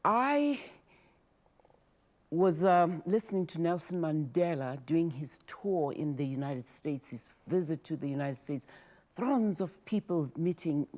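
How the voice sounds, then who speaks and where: Older lady, low mellow voice, gets emotional telling her stories. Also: a little slow. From South Africa. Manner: emotional, animated storyteller. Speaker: guest, former talk show host. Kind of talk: interview, personal storytelling.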